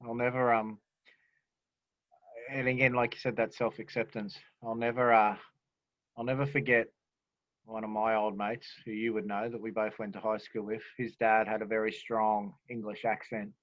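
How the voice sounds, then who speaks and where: A man's voice: lowish voice, little pitch movement, moderate pace, no echo. A man hosting a casual interview podcast, asking rambling questions with restarts. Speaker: podcast host. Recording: dull, dry lo-fi recording.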